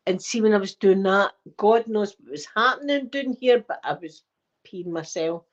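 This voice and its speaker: A middle-aged Scottish woman talks straight to her viewers in a chatty, heartfelt way, close to tears and a little short of breath. Her voice sits at an ordinary middle pitch. The recording sounds dull and lo-fi. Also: normal speed. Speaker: ASMR channel host. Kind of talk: casual heartfelt chat to viewers.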